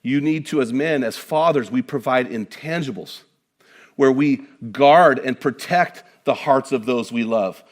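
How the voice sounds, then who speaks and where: A middle-aged man preaching a sermon to a congregation in an energetic, conversational way, with joking asides. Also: medium pitch, a little slow. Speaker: guest preacher.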